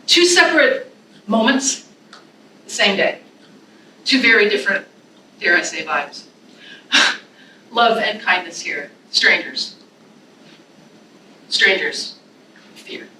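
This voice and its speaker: A woman's voice: medium pitch, slow, pauses often, distant mic, a little hiss or hum. Emotional woman teacher in an echoey room. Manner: expressive, emotional, chatty asides with fillers. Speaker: college English instructor. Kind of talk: classroom presentation with poetry reading.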